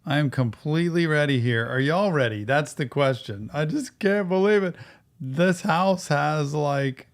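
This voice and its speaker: A man, co-hosting a casual reaction chat, excitable with drawn-out exclamations. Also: fairly high pitch. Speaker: co-host of a music reaction show.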